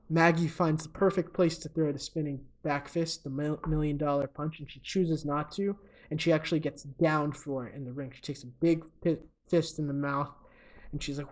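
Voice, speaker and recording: A young man co-hosting a podcast, casually retelling a movie's plot with lots of ums and uhs and chuckling at his own jokes. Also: on the high side. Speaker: podcast co-host. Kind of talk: casual comedic movie recap.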